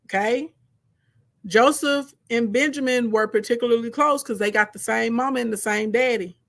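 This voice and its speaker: A woman's voice: a little high, normal speed. Conversational woman retelling a Bible story. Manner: lively, conversational, frequent "okay?" check-ins. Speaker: Bible teacher. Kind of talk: casual Bible storytelling lesson.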